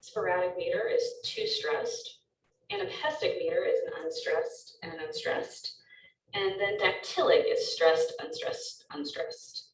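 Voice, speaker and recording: A woman's voice: medium pitch, wildly swooping pitch, measured pace, roomy sound, far from the mic, low-quality recording. A woman teacher giving a recorded lecture, explaining step by step with frequent ums.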